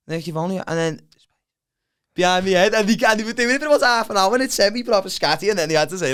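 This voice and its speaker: Man, Liverpool accent, twenties, quick rambling delivery, fairly high voice, acts out quotes. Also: smooth. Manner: animated storyteller, acts out quotes. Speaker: guest comedian. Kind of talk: casual podcast chat.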